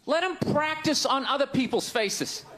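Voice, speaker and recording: On stage, a stand-up comedian with a very high-pitched, animated voice rants loudly at a moderate pace, jabbing sarcastically at the audience.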